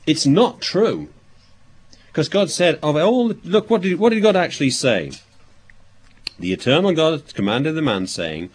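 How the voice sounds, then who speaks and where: A man preaching a sermon, reading verses aloud and explaining them, thinking aloud with pauses and restarts. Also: a little high, breathy edge. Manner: expository, reads scripture aloud and explains it.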